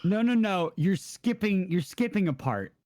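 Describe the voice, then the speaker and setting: A man's voice: high voice, lively intonation, a little slow, a little mellow. A man co-hosting a podcast, casually chatting and teasingly correcting details. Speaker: podcast co-host. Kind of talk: casual chat.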